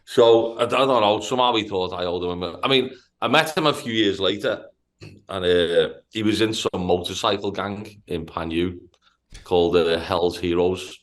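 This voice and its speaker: A man from Liverpool with a Liverpool accent, telling a profane, animated story on a casual podcast. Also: deep voice, moderate pace. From Liverpool, England. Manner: profane, animated anecdote-telling with stammered restarts. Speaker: podcast host.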